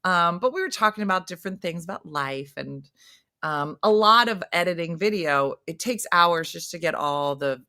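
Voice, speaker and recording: A middle-aged woman spins stories in a casual chat, her voice bright and forceful. She swings widely up and down in pitch as she plays with different voices. The sound is dry and close, with no room around it. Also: moderate pace, no echo. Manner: animated storyteller, playful voice shifts. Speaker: podcast co-host.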